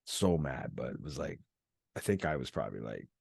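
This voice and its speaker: A man's voice: extremely low pitch, sing-song, fairly quick, vocal fry, a little mellow, husky, dry recording, clean studio sound. A man hosting an unscripted chat, telling a story with lots of swearing and acting out what people said. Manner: storytelling, profane, acts out quoted voices. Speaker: podcast host.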